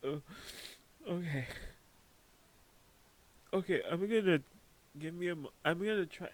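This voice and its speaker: Man, tarot reader, tearful, halting, breaks off to compose himself, slow. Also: high voice. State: close to tears. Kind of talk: spiritual tarot reading.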